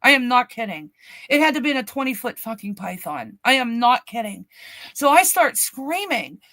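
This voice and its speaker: A middle-aged woman co-hosting a podcast, telling a family story in an animated, swearing way and acting out the quotes. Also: on the high side, moderate pace, no room sound. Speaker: podcast co-host. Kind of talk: casual storytelling chat. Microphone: podcast mic, remote stream.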